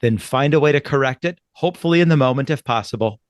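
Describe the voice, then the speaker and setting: A man from Wisconsin with an Upper Midwest accent, co-hosting an advice podcast in a calm, instructive way and acting out sample phrases. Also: mid-range voice, fast, no echo, clean studio sound. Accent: Upper Midwest American. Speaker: podcast co-host.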